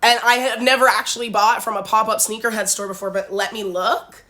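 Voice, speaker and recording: A woman's voice: a little high, fairly even intonation, brisk, bright, forceful tone. A young woman from Canada telling a casual dating storytime, blunt and forward, with lots of fillers. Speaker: vlogger.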